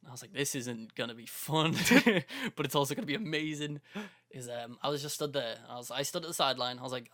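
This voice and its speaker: A man's voice: medium pitch, animated, fairly quick, bright, forceful tone. A young man co-hosting a podcast, telling a story in casual chat, acting out quotes and laughing often. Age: young adult. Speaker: podcast co-host.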